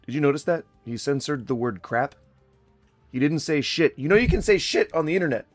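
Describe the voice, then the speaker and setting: A man's voice: fairly high pitch, animated, brisk, dry recording, soft background music. A man giving casual reaction commentary in a sarcastic, rambling, mocking manner.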